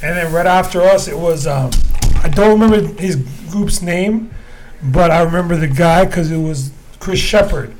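A man's voice: high voice, normal speed, a little hiss or hum. A man casually telling a long backstage story as a guest DJ, rambling with plenty of fillers. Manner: laid-back, rambling with fillers.

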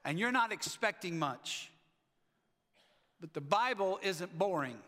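A man preaching a sermon as pastor, animated, acting out the lines of the people in the story. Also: sits high, slow, in a large hall. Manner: animated, acts out the Bible figures' lines. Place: church sanctuary.

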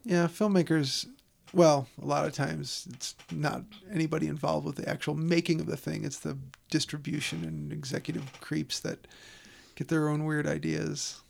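Man, gravelly voice, slightly high, casual film chat, playful. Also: normal speed. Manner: animated, playful, slips into silly put-on voices.

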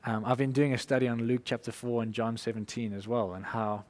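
A man preaching an informal sermon, conversational and animated, acting out little quotes and laughing as he goes. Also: mid-range voice, a little fast, in a large hall.

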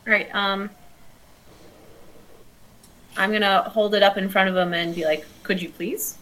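Slow, hesitant woman playing a tabletop game. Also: mid-range voice, fairly even intonation, a bit bright, low-quality recording. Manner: slow, hesitant, many fillers. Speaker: player. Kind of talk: tabletop role-play chat.

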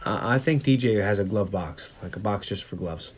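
A man's voice: fairly low pitch, normal speed, breathy edge. A man podcast co-host tossing dry, jokey asides into a casual chat.

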